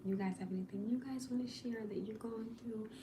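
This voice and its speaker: A woman's voice: on the high side, steady tone, fairly quick, background noise. A woman casually chatting to viewers on a livestream, talking in an exasperated, chatty way to the people watching.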